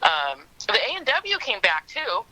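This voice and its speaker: A woman's voice: a little high, huge pitch swings, a little slow, sharp tone, rough recording. A middle-aged woman from Southern California, chatting as a podcast guest and rambling with lots of fillers. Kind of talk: casual chat.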